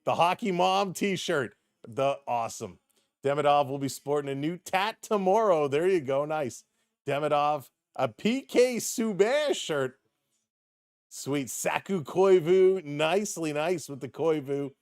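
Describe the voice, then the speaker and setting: A man hosting a live hockey watch stream, calling the action and greeting chat viewers by name with excited energy. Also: a little high, a little slow, dry recording, clean studio sound. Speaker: live stream host and play-by-play commentator.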